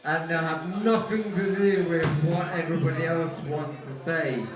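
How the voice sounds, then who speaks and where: Casting: man giving a loose, rambling speech to a crowd, fairly high voice, echoey room with music playing. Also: steady tone, moderate pace. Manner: rambling, with fillers and restarts. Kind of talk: casual address to a crowd.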